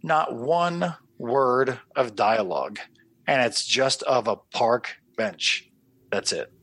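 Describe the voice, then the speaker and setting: A man co-hosting a podcast, chatting casually and telling animated stories, swearing and acting out his own reactions. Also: mid-range voice, slow pace, breathy edge, no echo. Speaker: podcast co-host. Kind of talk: casual chat.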